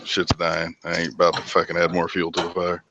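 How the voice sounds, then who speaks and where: A man's voice: sits low, monotone, a little fast, gravelly, background noise. A man hosting a casual late-night livestream while barbecuing, rambling and swearing with many restarts. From United States. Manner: rambling, profane, restarts a lot. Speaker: livestream host.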